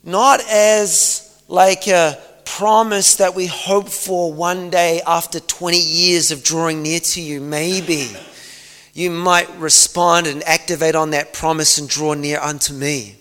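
Guy preaching, kinda high voice, earnest and reflective, lots of ums, big hall echo. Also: flat delivery, takes it slowly, fairly bright tone. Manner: earnest, reflective, with many fillers. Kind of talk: sermon storytelling. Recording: long hall reverb.

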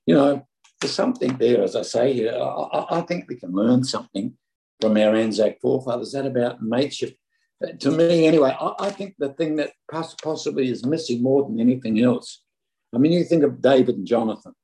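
A middle-aged Australian man preaching a sermon, telling stories in a loose, conversational way and often tripping over and repeating his words. His voice is gravelly with plenty of fry. The tone is dark and mellow. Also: medium pitch, fairly quick, low-quality recording. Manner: conversational, anecdotal, stumbling restarts.

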